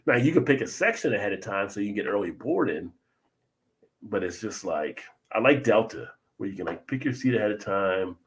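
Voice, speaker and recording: A man's voice: fairly low pitch, brisk. A man hosting a casual live beer chat, telling stories with emphatic repeats. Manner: animated storytelling, emphatic repeats. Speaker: host.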